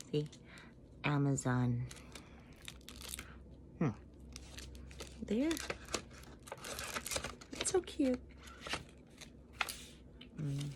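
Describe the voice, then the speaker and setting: A woman's voice: sits low, darkish tone, slight background noise. A Filipino woman vlogger chatting casually as she unboxes gifts at home, giggling and playful. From Philippines. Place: home in Japan.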